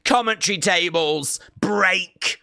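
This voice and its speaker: A man hosting a live watch-along stream, reacting excitedly and repeating himself, shouting out counts and big moves. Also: high-pitched, slow, vocal fry, no room sound, clean studio sound.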